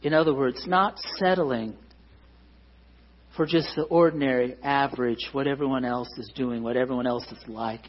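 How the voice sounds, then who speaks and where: A man's voice: mid-range voice, fairly even intonation, moderate pace, dull audio. A man preaching a sermon as pastor, earnest and emphatic, pressing his points with rising stresses.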